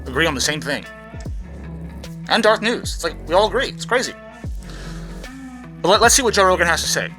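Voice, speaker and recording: A man's voice: high voice, big pitch swings, a little fast, long pauses, bright, forceful tone, faint music behind. A man hosting a commentary channel, ranting in a rambling, profane way from behind a mask that muffles his voice, often tripping over his words. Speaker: YouTube commentary host.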